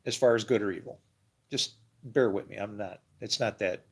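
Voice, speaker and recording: A religious video creator, a man with a lowish, breathy voice, talks to camera at a normal pace about faith. It's a casual, rambling monologue where he thinks aloud and laughs often.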